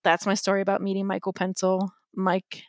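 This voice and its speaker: A woman's voice: mid-range voice, completely flat delivery, a little fast, no echo. A young woman, a podcast guest, telling her story candidly in a wry, chatty way full of likes and ums. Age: young adult.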